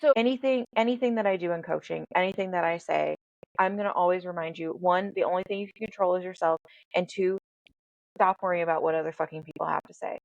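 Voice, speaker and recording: A woman's voice: lowish voice, quick pace, vocal fry, no room sound, dull audio. A woman hosting a podcast and working as a life coach. She talks candidly and bluntly, swears freely and tells stories with animation. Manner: blunt, profane, animated storytelling.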